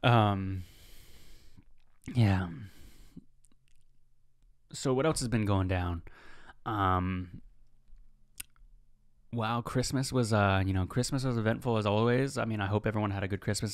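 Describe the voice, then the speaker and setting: A man's voice: fairly low pitch, measured pace, pauses often, clean tone, no echo, studio quality. A man in his twenties hosting a podcast, telling rambling, laid-back stories in a casual monologue. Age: 20s. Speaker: podcast host.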